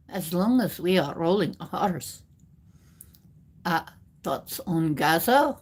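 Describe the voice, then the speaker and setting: A woman's voice: medium pitch, animated, slow, long pauses, slightly rough. A woman chatting on a livestream as a card reader, silly and playful, answering comments and slipping into joke voices. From United States. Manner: silly, playful, jumping between put-on accents and sing-song bits. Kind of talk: casual livestream chat.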